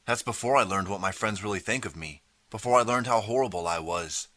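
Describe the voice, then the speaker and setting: A man's voice: lowish voice, brisk, bright, forceful tone. A man voicing a desperate, eager boy who keeps pleading to be believed. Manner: pleading, earnest.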